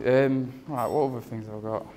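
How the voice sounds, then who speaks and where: A man's voice: medium pitch, fairly even intonation, a little fast, mellow. A young man giving a rambling, teasing wedding speech about his friend. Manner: rambling, joking, teasing, self-interrupting. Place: wedding reception.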